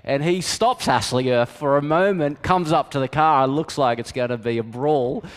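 A man's voice: medium pitch, moderate pace, smooth. A middle-aged man, preaching a sermon in a candid, conversational storytelling manner with self-deprecating humour. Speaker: pastor. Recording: long reverb of a hall.

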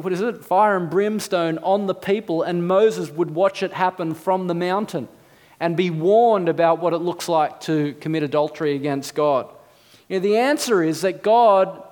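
A man, perhaps in his thirties, preaching a sermon, earnest and emphatic, with rhetorical questions. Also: sits high. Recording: long reverb of a hall.

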